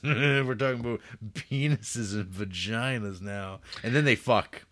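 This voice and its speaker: Low-voiced sarcastic man ranting. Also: unhurried, few pauses, a bit bright. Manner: sarcastic, laughing, acts out scenes. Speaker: podcast co-host reviewing films. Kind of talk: casual profane chat.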